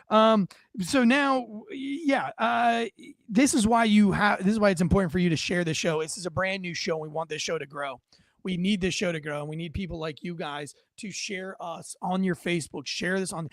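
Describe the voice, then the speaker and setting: Brash, high-voiced, gravelly American host. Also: male voice, dry recording, clean studio sound. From United States. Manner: brash, profane and sarcastic, mocks others in put-on voices. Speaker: political commentary host. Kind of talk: casual political commentary.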